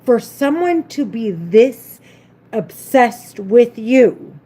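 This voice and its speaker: A woman's voice: a little high, sing-song, extremely slow, dark tone, breathy edge. A woman vlogger talking to camera in an agitated, repetitive, rambling monologue. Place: at home, doing her makeup.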